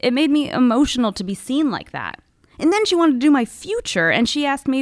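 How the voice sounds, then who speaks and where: A woman's voice: sits high, very animated, fairly quick, dry recording. Wry woman podcast host, dry sound. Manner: wry, conversational, with casual fillers. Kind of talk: personal storytelling and interview.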